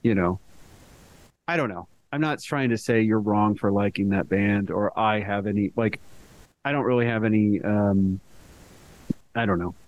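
A man's voice: fairly low pitch, normal speed, long pauses, muffled recording. A young adult man co-hosting a podcast, rambling and hedging in casual chat with lots of fillers. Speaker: podcast co-host.

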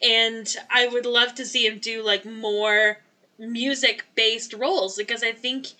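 A woman's voice: a little high, little pitch movement, measured pace, sharp tone. A woman chatting casually about a movie as a podcast co-host, enthusiastic and rambling with frequent restarts. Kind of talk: casual movie review chat.

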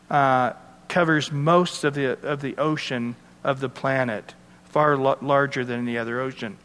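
A pastor gives expository Bible teaching in a sermon, reading verses and explaining them conversationally with asides to listeners. His voice is fairly high and fairly bright, heard in a large hall.

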